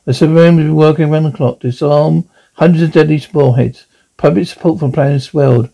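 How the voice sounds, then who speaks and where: A man voicing a brisk male news reporter in a cartoon dub, reading the news in a newscaster's manner. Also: fairly high pitch, fairly even intonation, creaky, mellow, rough recording. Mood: reporting. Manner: newscaster delivery.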